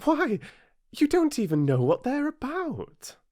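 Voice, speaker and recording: A man with a British accent voicing a sharp-witted, stubborn young girl in a high, clipped voice for an audiobook. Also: wildly swooping pitch, measured pace, no echo, studio quality, full character voice. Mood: indignant. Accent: British English. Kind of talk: audiobook character voice.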